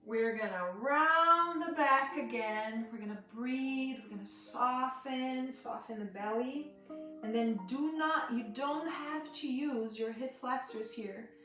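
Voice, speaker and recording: A woman with guides a gentle yoga class in an unhurried, high-ish voice, mixing breathing cues with friendly asides. She sits back from the mic in a very echoey room. Guitar music plays clearly underneath. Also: recorded from a distance. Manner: soft, slow cueing with chatty asides to viewers. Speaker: yoga teacher.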